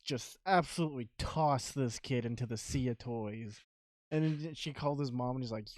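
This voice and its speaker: A man's voice: mid-range voice, normal speed, dry recording. A young man on a podcast making blunt, laughing remarks in casual chat. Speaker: podcast co-host.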